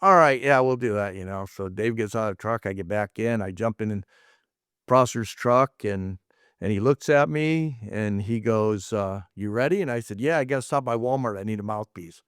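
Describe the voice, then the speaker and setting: A man's voice: on the low side, normal speed, fairly bright tone, smooth, dry recording, clean studio sound. A middle-aged man, a martial arts instructor, casually rambling through anecdotes and acting out quoted dialogue. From United States. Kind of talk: casual storytelling.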